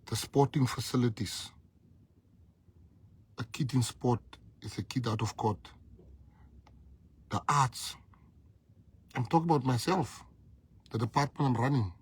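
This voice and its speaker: A man's voice: mid-range voice, a little slow, long pauses, slightly rough. A South African man and party leader telling a personal story in a speech, emphatic and repeating lines for effect.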